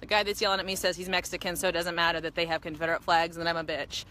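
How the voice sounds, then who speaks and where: A woman's voice: fairly low pitch, little pitch movement, very fast, bright, forceful tone, a little hiss or hum. A woman filming a confrontation on her phone in an outdoor parking lot, shaken and pleading. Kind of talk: phone video rant. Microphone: handheld phone.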